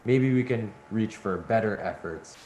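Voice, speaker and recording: A man's voice: on the low side, measured pace, a little mellow. A man moderating an online event, responding to a speaker in a rambling way with restarts and fillers. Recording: echoey room with faint hum.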